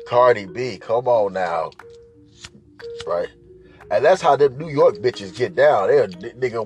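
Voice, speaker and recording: A man hosts a profane, rambling comedy rant, forever checking in with "right?" His voice sits high and swings animatedly. Faint music plays behind him. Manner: crude, rambling, repeats "right?". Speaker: podcast host.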